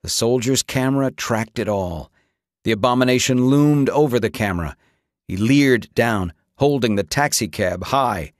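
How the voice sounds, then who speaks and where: A man reading an audiobook with dramatic, expressive narration. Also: medium pitch, moderate pace, no echo, clean studio sound. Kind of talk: scripted narration.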